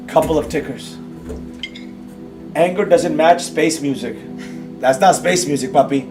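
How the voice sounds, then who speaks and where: A man's voice: on the high side, measured pace, pauses often, over music. A man hosting a live trading stream, scolding his audience with emphatic repeats and rhetorical questions while reading and answering chat. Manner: reads and answers viewer chat. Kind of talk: ranting live-stream lecture.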